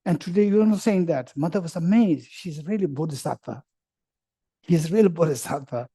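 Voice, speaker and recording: Man, Buddhist teacher at a retreat, slightly high and mellow, playful storyteller. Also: expressive, normal speed, breathy edge. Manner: playful storyteller who acts out everyday dialogue; repeats points and checks understanding with the audience. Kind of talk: dharma teaching to a retreat group.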